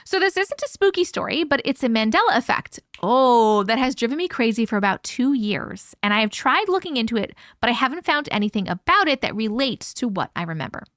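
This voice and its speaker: A woman with a bright, higher-pitched voice reads a viewer's story aloud during a live stream. She breaks in often with casual, chatty asides. Her voice sits close and dry on the microphone, with almost no room sound. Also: sing-song, fairly quick, hardly any pauses, no echo. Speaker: host reading viewer stories.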